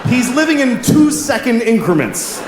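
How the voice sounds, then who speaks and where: A man's voice: very high voice, normal speed, background noise. A man doing a stand-up routine on stage before a live audience, telling stories in an exasperated way. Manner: animated, exasperated storytelling. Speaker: stand-up comedian. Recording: echoey live venue with crowd ambience.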